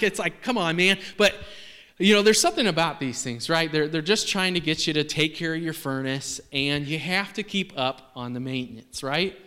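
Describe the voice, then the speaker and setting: A man's voice: sits high, sharp tone, clear, resonant tone. A man preaching a sermon to a congregation in a casual, joking way with lots of fillers. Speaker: pastor. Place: church hall. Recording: long reverb of a large hall.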